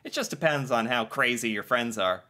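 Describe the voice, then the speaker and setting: A man's voice: medium pitch, expressive, moderate pace, pushed and bright. A man chatting casually about slang, laughing often and thinking aloud as he goes. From United States. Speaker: co-host.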